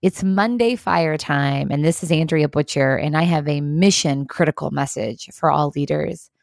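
A woman hosting a leadership video series, giving an earnest, encouraging, measured motivational talk. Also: deep voice, vocal fry, no room sound, studio quality. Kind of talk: scripted motivational talk to camera.

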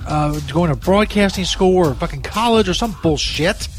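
A man's voice: high voice, lively intonation, moderate pace, soft background music. Exasperated, profane ranting man. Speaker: comedy podcast host playing a frustrated sports broadcaster. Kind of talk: improvised comedy bit.

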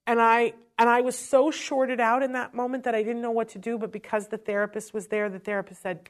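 A woman's voice: fairly high pitch, flat delivery, a little fast, few pauses. A woman speaking earnestly and emotionally, sharing a personal parenting story in a conversational talk about autism.

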